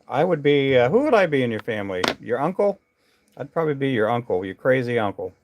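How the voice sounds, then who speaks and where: A man with a gravelly, creaky voice talks to viewers on his live stream. He rambles from thought to thought with lots of fillers and false starts as he works at his tying bench indoors. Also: medium pitch, sing-song, quick pace, noisy background. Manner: rambling, chatty, many fillers and restarts. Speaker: livestream host tying fishing jigs.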